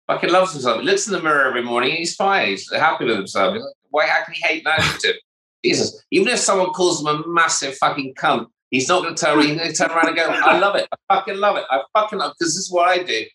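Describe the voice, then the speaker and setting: A man's voice: on the high side, lively intonation, fast talker, pushed and bright. A man co-hosting a casual chat show, crude and profane, joking about the guest. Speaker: co-host. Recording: roomy echo.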